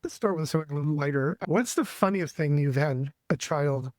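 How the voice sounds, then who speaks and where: A man's voice: on the high side, brisk, darkish tone, dry recording. A man hosting a church family talk show, introducing his guests in a loose, friendly way. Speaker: host.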